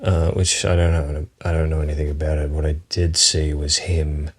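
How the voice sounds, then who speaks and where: Australian male podcast host, very low voice, loose profane comedic monologue. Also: level tone, normal speed, breathy edge. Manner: rambling, profane, chuckling often.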